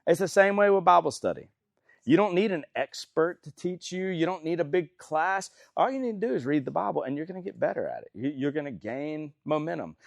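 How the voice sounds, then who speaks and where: A man's voice: fairly high pitch, expressive, a little fast, creaky, no room sound, clean studio sound. A man teaching a small Bible study group in a casual, folksy way, often asking the group questions.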